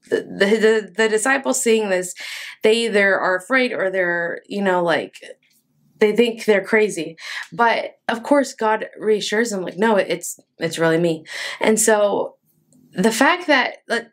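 A woman from Texas leads a relaxed faith talk on her podcast. Her voice sits at an ordinary middle pitch. She speaks earnestly and conversationally, often leaning on fillers as she goes. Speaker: podcast host. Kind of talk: casual devotional talk.

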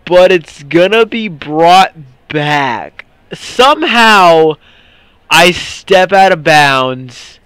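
A young man giving casual, excitable commentary over a football video game, prone to ranting when frustrated. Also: a little high, drawn-out words, smooth, no echo. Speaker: gaming commentator. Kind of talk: gameplay commentary.

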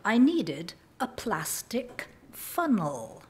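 A woman from England, reading aloud a humorous personal story in a lively, self-mocking way. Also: mid-range voice, very slow, a little hiss or hum. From southern England. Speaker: writer reading her work.

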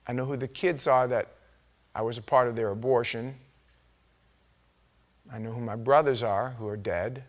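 Animated male pastor preaching. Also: mid-range voice, moderate pace, pauses often. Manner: animated storytelling, acting out quoted voices with sudden loud outbursts. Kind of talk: sermon. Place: church sanctuary.

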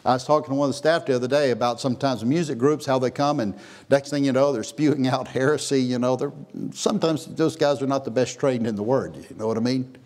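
A pastor preaching a sermon in a church, swinging from hushed, slow lines to loud, high exclamations. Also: male voice. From Texas. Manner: preaching with big swings, dropping to a hush then rising to a near shout. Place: church sanctuary.

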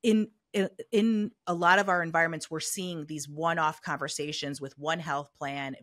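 Her voice is deep and slightly bright, captured with clean studio sound and no echo. She's a middle-aged health equity consultant appearing as an interview guest, talking through her views in a thoughtful, conversational way and frequently saying "you know."

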